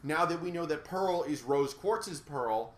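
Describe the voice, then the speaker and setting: A man's voice: a little high, lively intonation, a little slow, fairly bright tone, echoey room, slight background noise. A man co-hosting a casual review chat, ranting sarcastically and swearing freely in an exasperated way. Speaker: podcast co-host reviewer.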